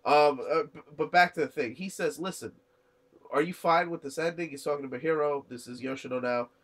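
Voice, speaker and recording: A man's voice: a little high, fairly quick. A young man casually recapping an anime episode, rambling with many fillers and restarts and briefly acting out the characters' lines. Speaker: anime reviewer.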